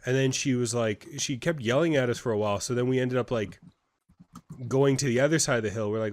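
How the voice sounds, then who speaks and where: A man's voice: medium pitch, fairly quick. A young man co-hosting a casual game playthrough, chatty and rambling as he tells stories. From Canada. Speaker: gaming co-host. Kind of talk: casual gameplay chat.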